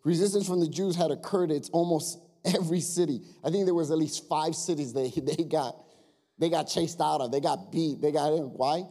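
A male pastor giving a lively, animated sermon, speaking directly to his congregation with jokes and quiet asides. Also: a little high, moderate pace.

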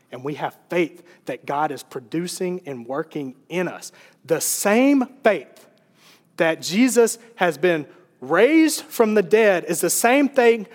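Earnest preacher man, long hall reverb. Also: sits high. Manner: earnest, conversational preaching with fillers. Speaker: pastor. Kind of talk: sermon.

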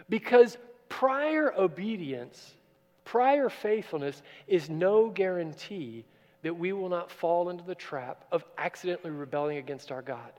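A man with a high voice preaches a sermon in a church. His delivery is expressive, rising to loud emphasis and then dropping to quiet asides. The sound carries a long reverb from the hall. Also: muffled recording. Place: church sanctuary.

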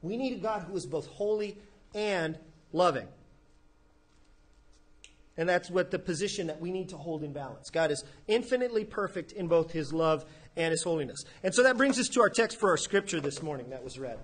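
A man's voice: on the high side, expressive, fairly quick. A man preaching a sermon as pastor, telling the story in a conversational way and briefly acting out the people he quotes. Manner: conversational storytelling, acts out quoted characters casually.

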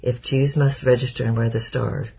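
A defiant elderly watchmaker, read by a man booms his protests. The voice is gravelly and husky, with a dark, low tone. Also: fairly even intonation, normal speed. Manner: bold, indignant declarations.

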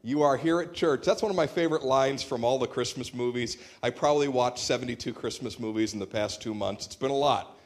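A man's voice: medium pitch, a little fast. A man preaching a sermon in a church, conversational and humorous, telling stories on a shared microphone. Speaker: pastor. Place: church sanctuary.

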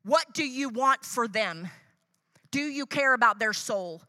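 Woman, preacher, chatty sermon storytelling, acts out dialogue, high pitch. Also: expressive, a little slow, bright, forceful tone, no room sound. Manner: conversational, tags lines with "right?".

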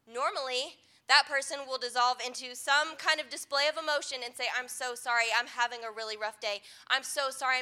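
A woman's voice: high-pitched, pushed and bright. A young adult woman pastor giving an earnest, conversational sermon.

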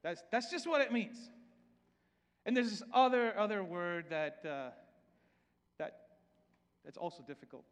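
A pastor with a Salvadoran Spanish accent delivers a loose, conversational sermon, stumbling over and repeating words as he goes. His voice sits high for a man. It carries a long reverb, as if from a large church hall. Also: expressive, unhurried, pauses often, smooth. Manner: repeats words often and restarts, conversational preaching.

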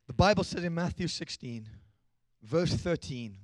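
A young man preaching a sermon to a church congregation. He jokes with the crowd and then builds to shouted emphasis. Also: fairly high pitch, expressive, unhurried, no echo. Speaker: pastor.

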